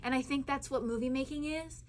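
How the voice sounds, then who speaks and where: A young actress woman telling chatty, animated stories with fillers at a live cinema Q&A. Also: high-pitched, a little fast, a little hiss or hum. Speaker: actress at a screening Q&A. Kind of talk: live Q&A storytelling. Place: cinema auditorium.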